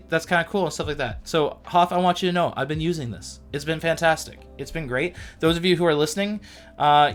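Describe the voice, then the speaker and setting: A man's voice: mid-range voice, a bit bright. A man hosting a casual livestream, chatting playfully and poking fun at himself. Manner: chatty and playful, with self-deprecating asides. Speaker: livestream host.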